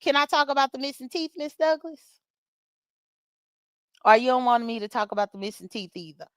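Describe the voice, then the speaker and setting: A woman's voice: sits high, expressive, brisk, no room sound. A chatty woman, recapping online drama in a casual morning chat with her viewers, laughing often and talking straight to commenters by name. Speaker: vlogger recapping livestream drama. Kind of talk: casual chat to viewers while getting ready.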